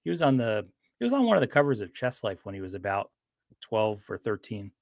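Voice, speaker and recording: A man's voice: fairly low pitch, very animated, brisk, creaky, a little mellow, no room sound, studio quality. Rambling man chatting on a stream. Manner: rambling, with frequent restarts and fillers. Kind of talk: casual livestream chat.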